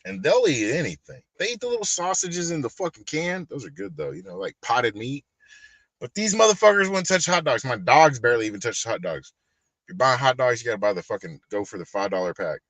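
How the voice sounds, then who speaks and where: A stoned man with a drawl rants in a loose, cursing stream-of-consciousness, swinging from mumbled asides to loud outbursts. His voice sits at an ordinary male pitch, and the sound is dry, close and unroomy. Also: fairly quick, no room sound. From Texas. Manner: profane, ranting, animated. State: high. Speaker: collectibles channel host. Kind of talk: casual livestream rant.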